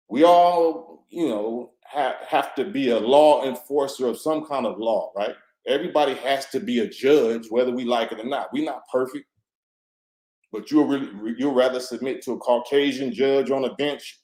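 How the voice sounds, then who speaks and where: A man's voice: medium pitch, a little mellow, echoey room, low-quality recording. A man giving an impassioned, preachy monologue as an interview guest, full of street slang and repeated phrases. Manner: preachy and fervent, with street slang and many 'you know what I'm saying'; repeats himself and restarts often.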